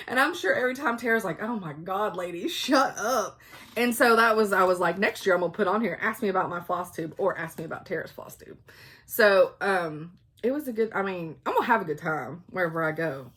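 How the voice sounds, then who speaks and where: A woman's voice: medium pitch, expressive, fairly quick, slightly rough. Chatty woman telling stories. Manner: chatty and loud, laughs often. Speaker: cross-stitch vlogger. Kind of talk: casual storytelling chat.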